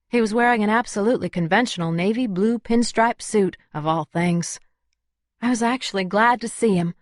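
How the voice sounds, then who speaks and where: A woman narrating a first-person audiobook in an even, measured way. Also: medium pitch, no room sound, clean studio sound.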